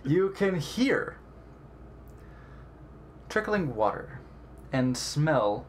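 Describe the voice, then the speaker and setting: A man's voice: fairly high pitch, big pitch swings, very slow. A man running a tabletop game as game master, laid-back and jokey, describing scenes to his players. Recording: faint background noise.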